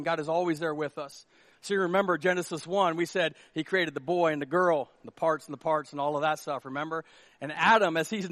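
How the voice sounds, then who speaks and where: Male pastor, high voice, dry close sound, comic, animated delivery, acts out scenes. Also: no echo. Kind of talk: sermon.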